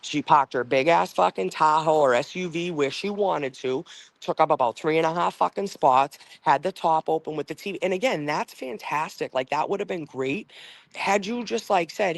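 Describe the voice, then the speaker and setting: Male streamer, angry rambling profane rant, slightly high pitch, dry close-mic sound. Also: animated, fairly quick, gravelly, no room sound. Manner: reads and answers chat comments. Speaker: livestream host. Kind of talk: casual livestream rant.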